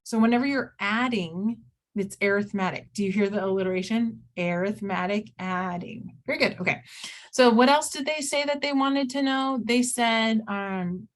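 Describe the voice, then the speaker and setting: A woman teaching an online math class, chatty, often acting out her students' questions in a livelier voice. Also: on the high side.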